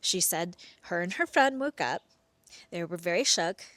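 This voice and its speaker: Woman telling a weird true story, lowish voice, dramatic whispery bits, speeds up n slows down. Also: dry recording. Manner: expressive, with sudden hushed whispered asides; pace swings between slow drawn-out and rushed. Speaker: podcast host telling a personal story. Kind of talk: first-person storytelling.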